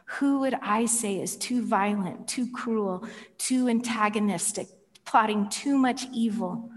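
A medium-pitched woman preaches without hurrying, playfully telling a story with laughs and rhetorical questions. The setting is a church hall, and its large size produces a long reverb.

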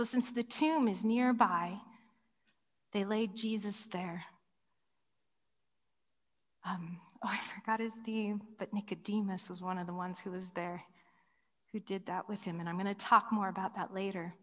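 A woman preaching a sermon as a dramatic story, moving between loud cries and hushed whispers. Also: medium pitch. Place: large hall with ceiling. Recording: long reverb in a large hall.

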